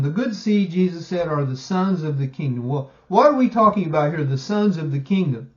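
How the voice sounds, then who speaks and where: Man, Bible study teacher, fairly high voice, emphatic, stretches key words, muffled lo-fi sound. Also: animated, a little fast. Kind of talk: recorded Bible study lesson.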